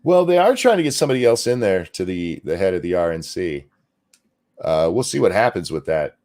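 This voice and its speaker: A man's voice: low-pitched, big pitch swings, a little fast, a little mellow. A man co-hosting a casual political talk stream, reading out news items with sarcasm.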